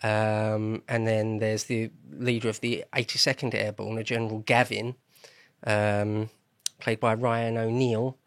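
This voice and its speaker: A man's voice: on the low side, little pitch movement, unhurried, a bit bright. A man hosting a casual podcast conversation, talking in a loose, rambling way and often correcting himself. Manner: chatty, rambling, self-correcting. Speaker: podcast host. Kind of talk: casual chat.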